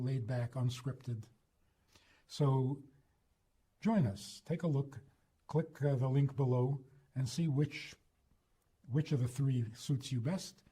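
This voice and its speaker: A rabbi delivers a storytelling talk at an unhurried pace. His voice is husky and mid-pitched, and his phrasing is emphatic and deliberate. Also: dark tone. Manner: slow, emphatic, acts out quotes. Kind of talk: storytelling lecture.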